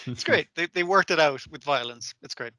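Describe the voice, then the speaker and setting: A man's voice: fairly high pitch, brisk, pushed and bright, no echo. A man co-hosting a podcast in casual chat, laughing often and swearing as he retells scenes. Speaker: podcast co-host.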